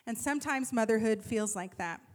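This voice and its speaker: High-voiced woman telling a funny story. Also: brisk. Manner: animated, self-deprecating, laughs at her own jokes. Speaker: speaker at a church gathering. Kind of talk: humorous personal storytelling talk.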